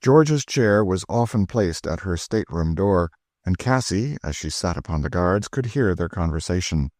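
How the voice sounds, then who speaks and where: A man narrating a classic novel with steady, measured storytelling. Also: low voice, no echo, clean studio sound. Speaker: audiobook narrator. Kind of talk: scripted narration.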